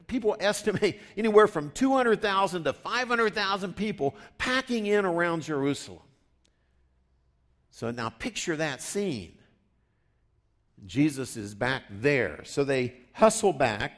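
Expressive male pastor preaching a sermon. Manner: conversational preaching, rises in pitch and volume for emphasis, drops low for asides.

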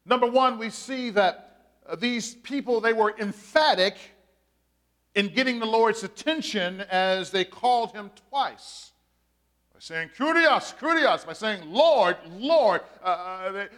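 A middle-aged male pastor preaching a sermon, animated, with drawn-out emphatic phrases and frequent "uh" fillers. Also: high voice.

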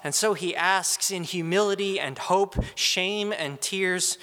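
A man giving a slow, earnest Good Friday meditation as a preacher. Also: sits high, pushed and bright, big-room sound. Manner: slow, earnest, reflective delivery.

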